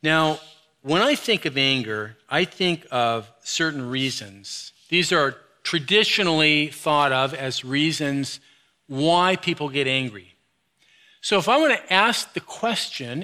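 A middle-aged man preaching a sermon, moving between quiet low stretches and loud, high, animated bursts. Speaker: pastor.

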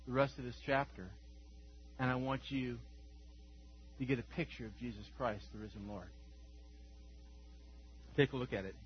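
A man preaching an Easter sermon as pastor, moving from hushed scripture reading to loud exclamations. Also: a little high. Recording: dull lo-fi recording with faint hum.

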